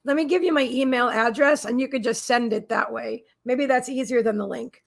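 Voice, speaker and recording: Slightly high gravelly woman doing a psychic live stream, chatty, gushing thanks, lots of restarts. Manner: effusive, chatty, repeats thanks and greetings; halting restarts and many fillers. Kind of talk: casual live-stream chat.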